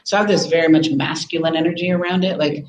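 A woman's voice: low-pitched, quick pace, echoey room, a little hiss or hum, poor audio. A middle-aged woman in an interview as a business coach, telling an emotional story animatedly and acting out quotes. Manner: animated, laughs often, acts out quotes.

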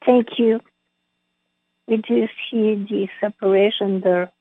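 A woman channeling spiritual guidance, slow and halting, with many pauses and fillers. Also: mid-range voice, fairly even intonation, husky, no echo. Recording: tinny phone line.

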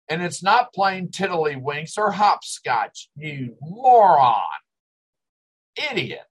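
A man's voice: medium pitch, fairly bright tone, breathy edge, rough recording. An older man hosting a talk show, ranting with exasperation and sarcasm. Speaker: host. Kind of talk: ranting commentary.

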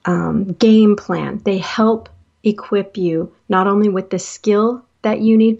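Middle-aged woman, life coach, animated storyteller who jumps up in pitch when acting out dialogue; slightly muffled recording. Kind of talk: personal storytelling talk. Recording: slightly dull lo-fi audio.

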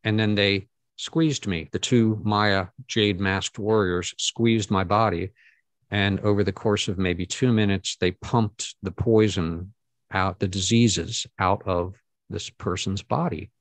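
A middle-aged man speaks in a gravelly, fairly low voice, recorded close and dry. He tells his story earnestly to an audience, stopping and restarting as he goes. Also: fairly even intonation, dry recording. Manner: earnest, halting, with many fillers and restarts. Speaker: guest speaker.

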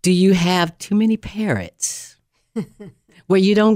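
A woman guest on a talk show, a leadership coach explaining communication styles in an animated, teaching manner. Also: medium pitch, measured pace.

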